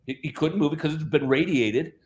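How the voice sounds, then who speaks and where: A man's voice: on the high side, fairly quick, a little mellow. A middle-aged man, a guest on an interview, telling a long story in a rambling way, often repeating words and quoting people in his own voice. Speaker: guest, health practitioner.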